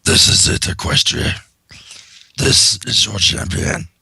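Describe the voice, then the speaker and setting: A man's voice: lowish voice, huge pitch swings, takes it slowly, vocal fry, pushed and bright, slightly rough, no room sound, exaggerated voice. A man voicing a menacing female demon queen in a growling demon voice, reading from a comic.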